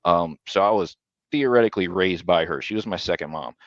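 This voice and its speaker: Young male podcast co-host, low voice, lively casual storyteller, dry slightly dull recording. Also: brisk, no echo. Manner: animated storyteller, mimics others in a higher voice. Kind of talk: casual chat.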